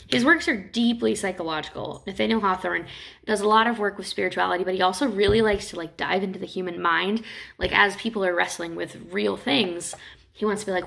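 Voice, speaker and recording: A woman teaching literature in a casual, chatty lecture, retelling stories with quick acted quotes. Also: mid-range voice, gravelly, fairly bright tone, slight background noise.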